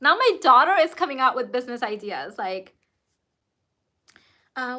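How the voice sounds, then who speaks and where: A woman's voice: sits high, very animated, moderate pace, long pauses, bright, forceful tone. A woman hosting a casual livestream as a business coach, answering viewer comments in an effusive, emphatic way with the odd swear word.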